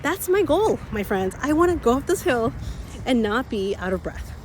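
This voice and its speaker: Woman, 30s, slightly raspy, out of breath, walking uphill outdoors, energetic coaching talk, repeats herself for emphasis. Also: fairly high pitch, normal speed, slight background noise. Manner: energetic, repeats key phrases, laughs often. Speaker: podcast host and coach. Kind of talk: motivational solo talk.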